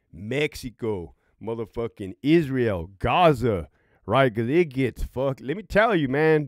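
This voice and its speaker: A man's voice: mid-range voice, no echo, studio quality. A middle-aged man, a former prison guard and veteran, telling stories in a profane, rambling, casual way. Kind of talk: casual vlog storytelling.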